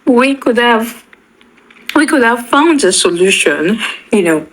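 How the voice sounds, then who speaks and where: A young woman tells an emotional personal story, halting and often repeating her words. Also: fairly high pitch, sing-song, slight background noise, poor audio. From Nigeria. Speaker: bereaved daughter.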